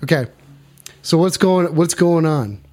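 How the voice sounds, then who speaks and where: A man hosting a call-in stream, talking in loud casual banter, cursing and repeating catchphrases. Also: on the high side, expressive, a little slow. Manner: hyped, repeats catchphrases, curses, shouts. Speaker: streamer taking calls.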